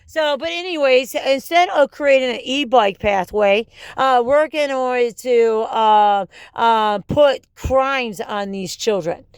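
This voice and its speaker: A woman's voice: fairly high pitch, slow pace, few pauses, clear, resonant tone, dry recording. A woman in an angry, rambling monologue, swearing often and jumping between topics.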